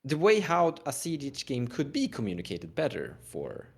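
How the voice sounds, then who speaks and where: Lively-voiced Swedish man steering the chat. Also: medium pitch, moderate pace, creaky, slightly rough. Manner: steers the topic, cuts in to explain. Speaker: podcast guest, Commander player. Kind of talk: casual podcast chat.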